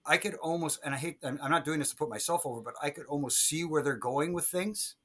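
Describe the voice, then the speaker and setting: Bright-voiced man telling backstage stories. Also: fairly high pitch, fast talker. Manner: animated storyteller who laughs and acts out quotes. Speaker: guest, former wrestling referee. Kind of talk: casual storytelling interview.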